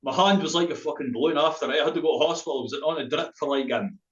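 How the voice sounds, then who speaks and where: A man's voice: fairly high pitch, very fast, fairly bright tone. A Scottish man with a Dundee accent who rambles and laughs through a story, swearing freely and dropping in local slang. His voice sounds echoey and a bit dull. He is a spoken word poet chatting as a podcast guest. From Scotland.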